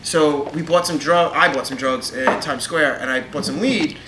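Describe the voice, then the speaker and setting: A man's voice: on the high side, normal speed, reverberant, noisy background. A man in his thirties from New York, a podcast co-host telling a crude, rambling story with lots of swearing and laughter. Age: 30s.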